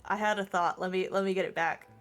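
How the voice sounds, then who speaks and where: Woman, let's-play streamer, mid-pitch, casual read-aloud of game text, faint music behind. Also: steady tone, fast talker. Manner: laughs easily, swears when annoyed. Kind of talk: casual gaming chat and reading aloud.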